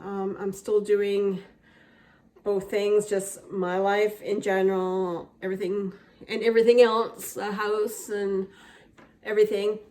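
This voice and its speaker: Showing viewers around her home, a woman in her fifties speaks slowly in a warm, medium-pitched but flat voice. As a vlogger, her chat is loose and rambling, full of fillers and false starts.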